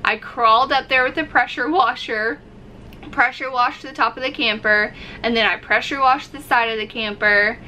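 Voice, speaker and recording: A woman's voice: fairly high pitch, steady tone, normal speed, pushed and bright, a little hiss or hum, low-quality recording. A woman vlogger casually telling a story to camera, acting out her own reactions as she goes. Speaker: RV-living vlogger.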